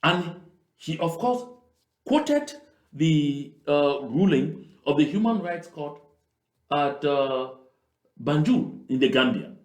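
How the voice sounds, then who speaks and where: A man's voice: a little high, big pitch swings, slow, long pauses, a little mellow. A man from Southern Cameroons, giving emphatic political commentary on played clips and repeating key phrases. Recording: roomy echo.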